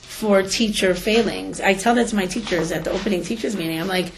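A woman teacher gives an animated lecture to parents, full of stories and acted-out quotes. Her voice sits at a middle pitch with a lilt. Faint background noise and clicks run under the recording. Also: a little fast. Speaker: teacher and school educator giving a talk.

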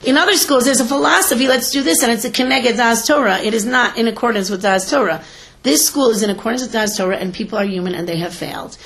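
A woman teacher speaking to an audience of parents, lively and storytelling, often acting out what people say. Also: a little high, fast talker. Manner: animated, tells stories and acts out quotes. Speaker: teacher and school educator giving a talk. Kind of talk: lecture to parents with stories.

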